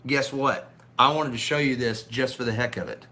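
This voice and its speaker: A man's voice: medium pitch, normal speed, sharp tone. A man hosting a casual live stream from his home, greeting viewers by name in an upbeat way with a slightly scratchy throat. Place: at home indoors. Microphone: phone on a gimbal.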